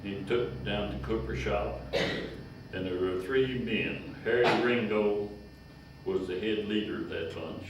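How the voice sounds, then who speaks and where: Recorded far from the mic in an echoey room, with dull audio and a noisy background, a Kentucky man in his 90s talks in a lowish voice. The retired county agent rambles through long personal stories, slow and folksy, chuckling along.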